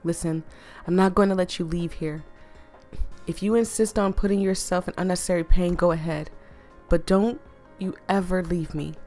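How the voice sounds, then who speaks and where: A woman voicing a possessive, protective young man in a story game, reading him in a firm, measured way. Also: lowish voice, fairly even intonation, darkish tone, soft background music, close to an everyday voice.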